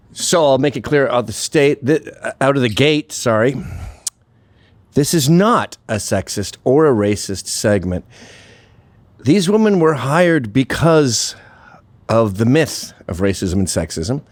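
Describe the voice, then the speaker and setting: A man's voice: medium pitch, dry recording. A man hosting a show, talking through a sarcastic, profane monologue and laughing at his own jokes. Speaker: host. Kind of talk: casual monologue commentary.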